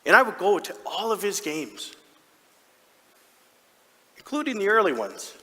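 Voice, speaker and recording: A man's voice: high voice, a little slow, heavily acted. A man playing a proud, doting hockey dad in a comedic stage monologue, chatty and self-mocking. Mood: fond. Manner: chatty and self-mocking, with sudden excited outbursts. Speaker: stage actor. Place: large theatre stage. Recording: reverberant theatre hall.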